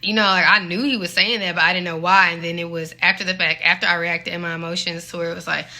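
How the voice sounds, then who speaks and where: A young woman in her late twenties with a very bright, sharp-edged voice that sits on the lower side. She sounds a little out of breath as she speaks to her viewers in a candid, earnest faith talk, leaning on "like" as she encourages them. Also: little pitch movement, quick pace. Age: 20s. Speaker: faith vlogger.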